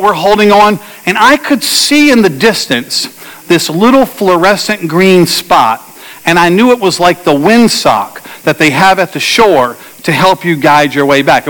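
A middle-aged man preaching a sermon, telling a personal story with animated delivery and acting out shouted quotes. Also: high voice, big-room sound, low-quality recording. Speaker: pastor.

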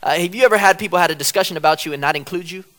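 A man preaching a sermon, conversational and humorous, acting out quotes dramatically and rising at times to loud cries. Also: high voice, rapid-fire. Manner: dramatic, acts out quotes, rises to shouts.

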